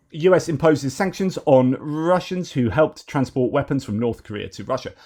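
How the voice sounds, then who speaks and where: A man's voice: medium pitch, darkish tone. A man hosting a news commentary show, talking in a digressive, argumentative way with many fillers and restarts. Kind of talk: opinionated news commentary monologue.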